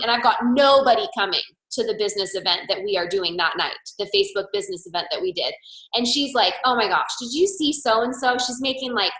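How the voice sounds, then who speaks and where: Bright-voiced chatty woman, echoey room. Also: fairly high pitch. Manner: chatty storytelling, acting out quoted dialogue. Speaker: team leader on a sales call. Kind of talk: motivational sales coaching talk.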